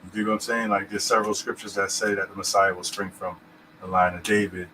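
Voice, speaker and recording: A man's voice: low voice, level tone, fast, sharp tone, slight background noise, rough recording. A man co-hosting a casual podcast about scripture, rambling and checking in with "you know what I'm saying". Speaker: podcast host.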